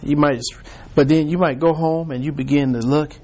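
A man's voice: a little high, steady tone, normal speed, mellow. A man leading an informal Bible study, talking conversationally with frequent restarts and acting out people's reactions.

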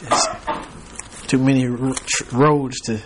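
A man's voice: medium pitch, steady tone, slow pace, noisy background. A man teaching a Bible class, reading scripture aloud and prompting the class to fill in the words, with chuckling asides.

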